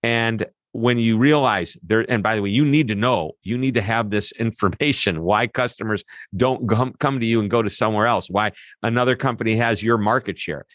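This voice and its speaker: A man, a guest expert on an interview, explaining his ideas in an animated way with quick asides. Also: lowish voice, dry recording, studio quality. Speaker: customer service expert guest. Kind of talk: interview answers.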